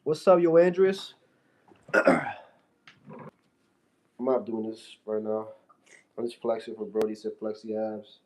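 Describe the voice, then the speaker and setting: A man's voice: on the low side, slow, long pauses, a little mellow, slight background noise. A man on a casual live stream, reading out viewer comments and answering them loosely and playfully into his phone. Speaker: fitness streamer.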